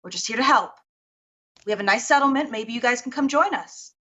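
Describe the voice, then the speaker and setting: A woman playing in a tabletop game, chatty and quick to laugh as she describes her actions. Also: fairly high pitch, bright, forceful tone, breathy edge. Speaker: player. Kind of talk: tabletop role-play. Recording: slightly dull lo-fi sound.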